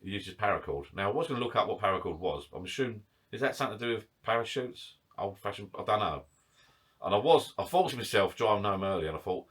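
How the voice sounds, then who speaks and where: A man's voice: lowish voice, lively intonation, fast talker, a bit bright. A man chatting casually to camera in his garden shed bar, rambling, self-mocking and a little out of breath. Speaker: vlogger.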